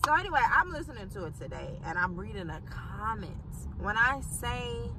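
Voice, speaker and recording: A woman's voice: medium pitch, normal speed, noisy background. A young woman, chatting casually to her viewers in a phone-filmed vlog. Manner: chatty, animated, talks straight to viewers as y'all. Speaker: vlogger. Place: in a car on the way to work.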